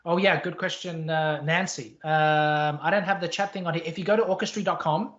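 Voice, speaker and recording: A man's voice: a little high, steady tone, fairly quick, fairly bright tone. A man with a Canadian accent wrapping up a conference talk and taking questions over a video call, chatty and upbeat, often repeating words. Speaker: conference speaker. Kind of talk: casual presentation wrap-up and Q&A. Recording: dull lo-fi call audio.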